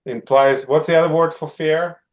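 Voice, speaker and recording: A man's voice: fairly high pitch, steady tone, normal speed. A middle-aged man teaching an online class, asking the students questions and often checking in with "right?". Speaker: instructor.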